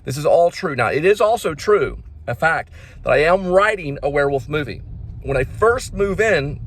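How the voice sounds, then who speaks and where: A man hosting his own channel, talking casually to the camera in a rambling, repetitive way, restarting sentences and slowly spelling out names. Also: fairly high pitch, lively intonation. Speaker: independent filmmaker and channel host.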